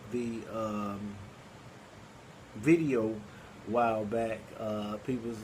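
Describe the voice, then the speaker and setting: A man's voice: on the low side, steady tone, slow, darkish tone, a little hiss or hum, rough recording. A man with a Southern Arkansas accent hosting a poetry group, talking casually and rambling with many fillers and restarts. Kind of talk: casual live-stream talk.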